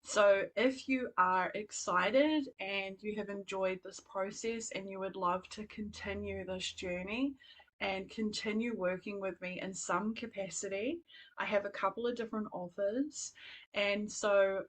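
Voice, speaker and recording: A woman hosting a live stream as a spiritual coach, talking in a soft, earnest way. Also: medium pitch, steady tone, a little slow, low-quality recording. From New Zealand. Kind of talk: live-stream program pitch.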